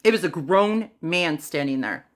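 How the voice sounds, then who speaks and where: A woman with a somewhat low voice retells a personal story on a livestream. She talks in a loose, unhurried way, with fillers and pauses, and she acts out what other people said. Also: animated. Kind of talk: casual first-person storytelling.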